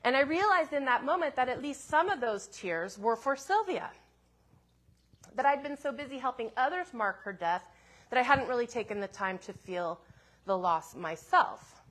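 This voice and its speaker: A woman minister telling a personal story in a sermon, in a gentle, reflective way with soft asides. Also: a little high, expressive, moderate pace.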